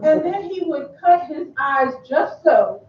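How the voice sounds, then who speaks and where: A woman's voice: high voice, lively intonation, slow, slight background noise. A woman from Kentucky giving an affectionate memorial tribute speech, often laughing between lines. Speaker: eulogy speaker. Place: memorial service venue. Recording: echoey, distant, muffled room sound.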